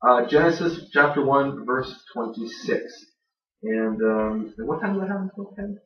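A man's voice: on the high side, expressive, moderate pace. A man giving a conversational lecture to a live audience, self-deprecating, with many fillers and restarts. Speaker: lecturer on biblical grammar. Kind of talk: classroom lecture with jokes. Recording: roomy, distant, dull lo-fi sound.

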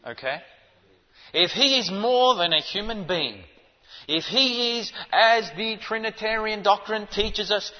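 Emphatic male preacher in a reverberant hall. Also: sits high. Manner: emphatic, insistent, rhetorical questions. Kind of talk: sermon. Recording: dull muffled sound with long hall reverb.

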